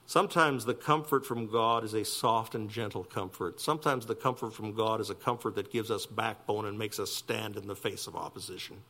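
A man, preaching a sermon with animated delivery that climbs loud and high for emphasis and drops to near whispers. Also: brisk, hardly any pauses. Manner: animated preaching, rising loud and high for emphasis, dropping soft for quiet lines. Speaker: pastor.

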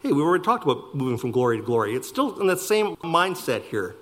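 A man preaching a sermon, slowing down to stress key words and speeding through asides. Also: on the high side. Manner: animated preaching, slowing for emphasis and rushing asides. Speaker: pastor.

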